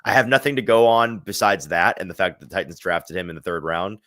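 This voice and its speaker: Deep-voiced man analyzing football picks. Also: a little fast, fairly bright tone, dry recording, clean studio sound. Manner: thoughtful, rambling with frequent restarts. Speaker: sports podcast host. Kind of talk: casual sports analysis.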